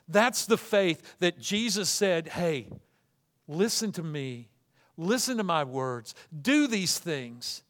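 A man's voice: sits high, animated, takes it slowly. Fervent male pastor preaching. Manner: repetitive restarts, swings from loud fervent to hushed. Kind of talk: sermon.

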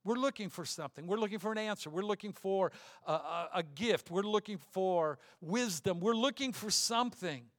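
A man's voice: sits high, normal speed, no room sound, studio quality. A middle-aged man preaching a sermon as pastor, earnest and conversational with homely asides.

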